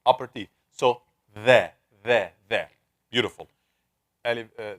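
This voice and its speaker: A man's voice: mid-range voice, a little slow. A man teaching Tajweed in a live online class, patiently drilling the sounds of Arabic letters over and over and calling on students by name.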